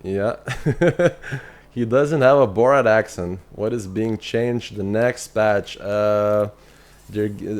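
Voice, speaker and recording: A man's voice: on the low side, slow pace, a little mellow. Chatty Irish man streaming a game. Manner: chatty, thinks aloud with fillers and restarts; reads chat messages aloud and answers viewers. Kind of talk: casual live-stream chat.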